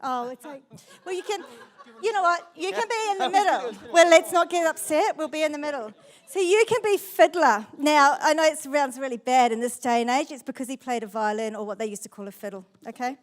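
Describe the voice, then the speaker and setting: A woman pastor preaching a sermon in church, telling the story in a lively and playful way. Her voice sits high for a woman. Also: brisk.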